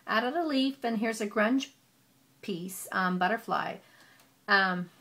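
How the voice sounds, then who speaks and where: A woman casually walking through a handmade scrapbook album, chatty and gushing, with frequent "um" pauses. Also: medium pitch, a bit bright. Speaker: papercraft hobbyist.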